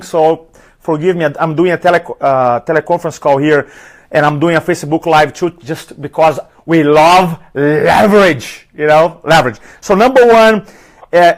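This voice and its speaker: A man teaching public speaking on a live stream, energetic and emphatic, repeating key lines for his audience to write down. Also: high-pitched.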